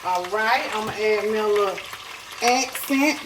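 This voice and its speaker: A woman's voice: mid-range voice, normal speed, noisy background. A woman, chatting folksy and direct to viewers as she cooks at home. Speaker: home cook. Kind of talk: casual cooking tutorial. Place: home kitchen. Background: faint sizzling pan.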